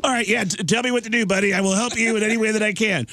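Guy doing a friendly rambling celebrity voice, pitched up a bit, close dry mic. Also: fairly even intonation, rapid-fire, bright, forceful tone, no room sound. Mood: chummy. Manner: chummy, eager, rambling. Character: impression of a famous grown male actor, chummy and upbeat.

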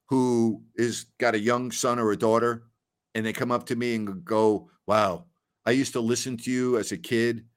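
A man in his sixties hosting a sports talk show in a folksy, exclamatory, rambling way. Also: lowish voice. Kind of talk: casual chat.

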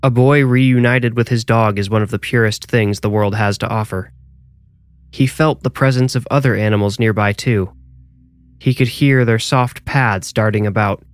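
Smooth low-voiced male horror narrator. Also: fairly even intonation, normal speed, no room sound. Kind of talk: scripted horror story narration.

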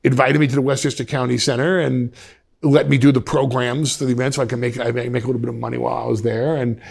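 A man in his fifties from Westchester, New York, speaks as a podcast guest, with a gravelly, fry-tinged voice at an ordinary pitch. He tells stories animatedly, restarting his sentences often and slipping into quoted voices. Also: little pitch movement, quick pace. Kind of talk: reflective storytelling in a podcast interview.

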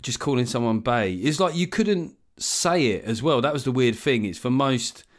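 A man's voice: medium pitch, normal speed. Wry ranting man in his forties. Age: 40s. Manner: wry, ranting, mimics others in quoted voices. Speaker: comedian guest. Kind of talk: casual podcast chat.

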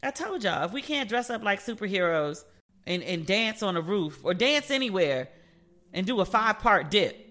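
A woman hosting her own podcast, talking in a loose, playful way and slipping into the voices of the people in her stories. Her tone is bright and forward, with a middling pitch. Her speech carries features. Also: moderate pace. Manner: chatty, playful storytelling with animated quoted voices. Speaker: podcast host. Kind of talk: casual solo podcast commentary.

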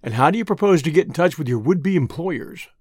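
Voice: medium pitch, expressive, brisk, darkish tone, husky, dry recording. An audiobook reader voicing a wry, easygoing young man with a dry, understated wit. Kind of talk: audiobook reading.

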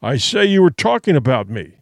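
A man putting on a hoarse drunken sea captain in an audiobook reading, resentful and snarling, his accusations pushed out loud and sharp, with a lively rise and fall, in a dry close sound with no room echo. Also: mid-range voice, fairly quick. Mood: bitter, accusing. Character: hostile drunken male ship captain, resentful.

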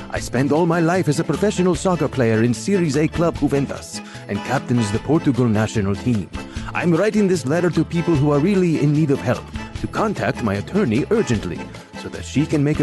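A man's voice: mid-range voice, close to an everyday voice. A man reading a scam letter in a put-on Brazilian accent, voicing a grown man who poses as a rich footballer. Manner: reads stiffly in a mock foreign accent.

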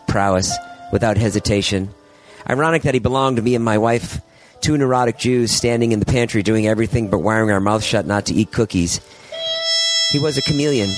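A man's voice: on the low side, a little mellow, poor audio. A man, a guest on a podcast, reading his own poem aloud in an earnest, wry way. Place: home man cave.

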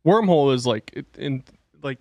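A man's voice: mid-range voice, animated, moderate pace, dark tone, no room sound, lo-fi sound. A man in casual chat, explaining things carefully with many fillers.

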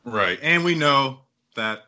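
Bright-toned guy hosting a sports pod, rambly and hyped, acts out what people said. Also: medium pitch, slow pace. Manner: rambling, excitable, acts out quotes. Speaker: podcast host. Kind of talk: casual sports chat.

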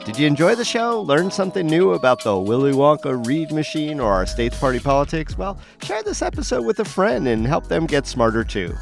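A man's voice: fairly high pitch, creaky. A man hosting a local news podcast, interviewing a guest and reading news and listener messages in a playful, upbeat way. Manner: playful, upbeat host patter. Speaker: podcast host.

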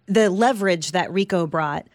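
A woman hosting an interview, asking questions with halting phrasing and frequent restarts. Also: lowish voice, no room sound, studio quality. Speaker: interview host.

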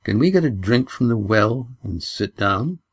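A patient traveller who speaks calmly and steadily to strangers. His voice is low with a husky edge, as the narrator reads him. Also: unhurried, no echo, exaggerated voice. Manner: calm and steady. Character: calm, patient grown man traveller.

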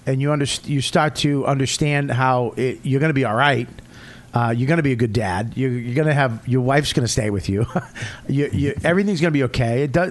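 Profane man telling blunt stories. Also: mid-range voice. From Boston area, USA. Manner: profane, blunt storytelling with loud outbursts. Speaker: comedian guest. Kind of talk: casual podcast chat.

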